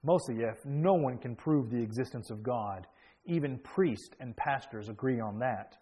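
A weary, stern middle-aged army major as a preacher reads him out. He speaks in a plain commanding way, dismissive of what he hears. The voice sits at a middling pitch. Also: expressive, measured pace, warm tone, slightly rough. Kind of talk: sermon story reading.

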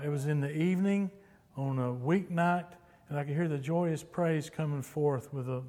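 A man's voice: fairly high pitch, warm tone, in a large hall. A man from Texas, preaching a sermon with emphatic repetition and storytelling.

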